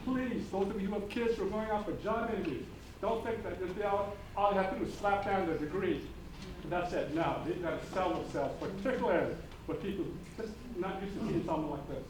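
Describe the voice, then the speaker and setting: A man speaking on a panel discussion, animated and engaging the audience with humor and questions. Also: sits high, a little fast, background noise. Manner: animated, audience-engaging, uses put-on voices for quoted people. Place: conference hall.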